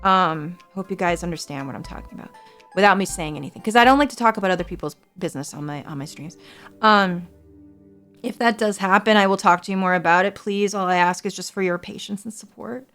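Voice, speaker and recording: A woman's voice: fairly low pitch, fast talker, fairly bright tone, soft background music. A woman in her forties from the United States, a streamer chatting casually with viewers in an earnest, reassuring way and swearing freely. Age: 40s.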